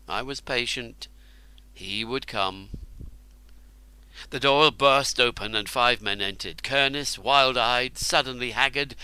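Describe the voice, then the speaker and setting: Man, first-person audiobook narration, deliberate pacing, smooth resonant tone. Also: mid-range voice, sharp tone, low-quality recording. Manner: slow, measured, deliberate storytelling.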